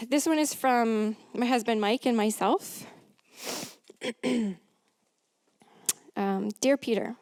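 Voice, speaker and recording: A woman with an English accent reads a eulogy in a measured way, pausing now and then to clear her throat. Her voice sits a little high for a woman. The sound is dry and close, with no room around it. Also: darkish tone, no echo. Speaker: family member reading tributes. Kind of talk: reading a eulogy aloud.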